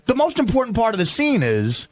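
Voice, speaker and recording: A man's voice: very high-pitched, wildly swooping pitch, brisk, no echo. A man telling a long, rambling, profane story on a radio show, full of restarts and fillers.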